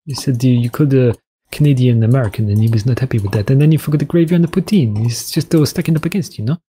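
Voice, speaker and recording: A man's voice: mid-range voice, very fast, mellow, slightly rough. A man putting on a mock-stern inquisitor who scolds in a sing-song way. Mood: scolding.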